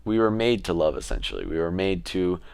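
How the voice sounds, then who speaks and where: A man's voice: sits low, big pitch swings, fairly quick, creaky, darkish tone, clear, resonant tone, no room sound. A man vlogging in a casual, rambling way, often getting sidetracked. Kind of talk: casual vlog talk.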